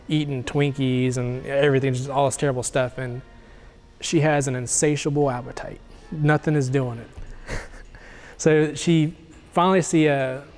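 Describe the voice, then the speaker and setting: A man in the middle of his range, talking through a movie plot in a loose, rambling way, full of "uh"s, restarts and quick quoted lines. Faint music sits underneath him. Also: mid-range voice, darkish tone. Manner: rambling, filler-heavy plot retelling with quick acted quotes. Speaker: movie review host. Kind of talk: casual movie recap.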